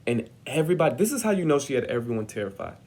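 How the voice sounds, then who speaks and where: A young man telling a personal story on his vlog, animated and dramatic as he acts out what others said. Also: medium pitch, very fast. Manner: animated, dramatic retelling with acted-out quotes. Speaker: vlogger.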